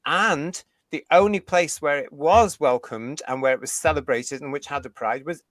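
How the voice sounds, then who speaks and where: Man from the UK, fairly high voice, heated indignant chat, dry close sound. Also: moderate pace, few pauses, a bit bright, no echo. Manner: ranting, indignant, swears mildly. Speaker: podcast co-host.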